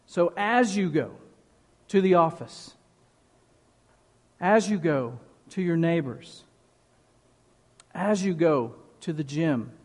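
A man preaching a sermon as pastor, slow and emphatic, leaning on repeated phrases. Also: on the high side, animated, darkish tone. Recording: long reverb of a large hall.

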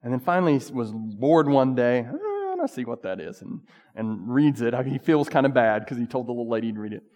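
A man preaching in a relaxed, talky way, his voice sitting in a middle register. He drifts between easygoing asides and sudden emphatic lifts. The sound carries a long reverb from a large hall. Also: medium pitch, a little fast. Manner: casual, conversational preaching with bursts of emphasis. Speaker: pastor. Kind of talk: sermon.

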